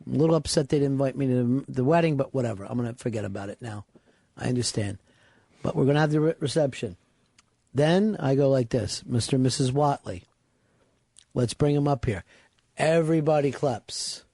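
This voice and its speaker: A man's voice: mid-range voice, fast, creaky, mellow, no room sound. Brash profane male radio host. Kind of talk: casual radio banter.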